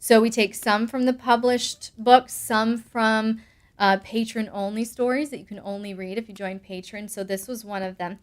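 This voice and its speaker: A woman's voice: fairly high pitch, fairly even intonation. Bubbly woman hosting a live chat. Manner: bubbly, laughs often, quick asides. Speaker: host answering patron questions. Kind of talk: live-stream chat reading comments.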